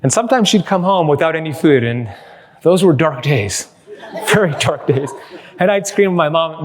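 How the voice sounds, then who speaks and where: A somewhat high-voiced man delivers a lively keynote to a live crowd, mixing jokes into his storytelling. His voice rings out with the long reverb of a big hall. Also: normal speed. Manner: energetic, joking storyteller. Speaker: keynote speaker. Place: large hall with live audience.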